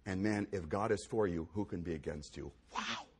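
A pastor preaching a sermon, swinging between loud exclamations and hushed near-whispers and repeating key phrases for emphasis. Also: male voice, low voice, normal speed, slightly rough.

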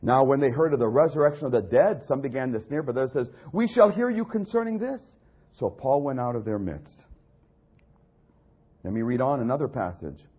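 A man preaching a sermon, reading scripture and mocking other voices, building to loud peaks. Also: mid-range voice, fairly quick, slightly rough.

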